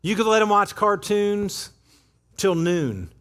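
A man preaching a sermon as pastor in a church, conversational and animated, acting out little quotes as he goes. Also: high voice, takes it slowly. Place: church sanctuary.

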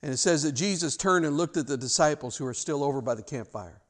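A man preaching a sermon as pastor, retelling a passage in an emphatic, animated way with frequent restarts. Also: a little high, fast.

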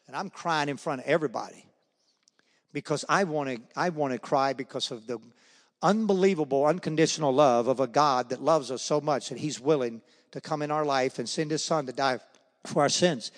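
A man with a slightly high voice tells his faith testimony in a lively storytelling manner, acting out the voices of the people in his stories. His voice rings out with a long hall reverb, as though he is speaking in a large meeting room.

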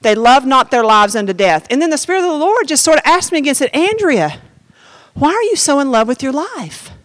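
A woman's voice: high-pitched, sing-song, fast, dry recording. A woman giving a personal testimony as a sermon, talking straight to the congregation in a conversational way. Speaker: preacher.

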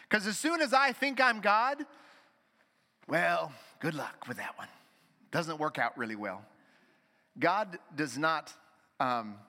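A man preaching a sermon as pastor, swinging between loud emphatic lines and hushed, slowed passages. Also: on the high side. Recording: long hall reverb.

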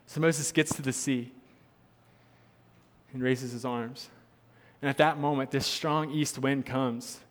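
Male pastor, mid-pitched, earnest and emphatic, sermon in a reverberant church hall. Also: steady tone, slow, pauses often. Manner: earnest, repeats points for emphasis.

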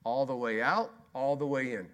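A man preaching a sermon as pastor, emphatic and repetitive, swinging between loud exclamation and hushed intensity. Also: mid-range voice, moderate pace, clear, resonant tone. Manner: repetitive rhetorical questions.

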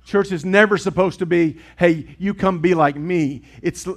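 A middle-aged man preaching a sermon in a church, earnest and swinging from loud to hushed. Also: high-pitched, a little slow. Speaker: pastor. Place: church sanctuary with congregation.

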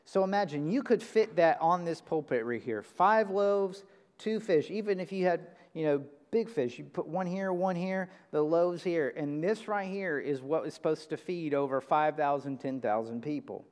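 A man preaching a sermon from a church pulpit, emphatic, jumping from loud high bursts to quiet low lines. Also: moderate pace. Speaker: pastor. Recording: reverberant church hall.

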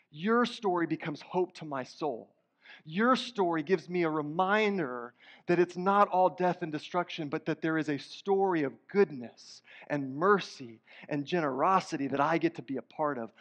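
A man's voice: a little high, a bit bright. A man preaching a sermon as pastor, earnest and conversational, with rising emphatic bursts. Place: church sanctuary. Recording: dull sound in a hall with long reverb.

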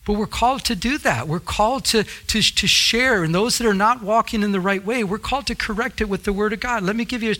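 Fervent, bright-voiced male pastor. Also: high voice, brisk, few pauses. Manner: fervent, repeats phrases for emphasis. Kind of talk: preached sermon.

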